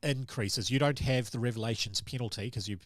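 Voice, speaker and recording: A man's voice: medium pitch, fairly quick. A man as game master, narrating a tabletop horror game in a loose, rambling way, full of ums and sort-ofs.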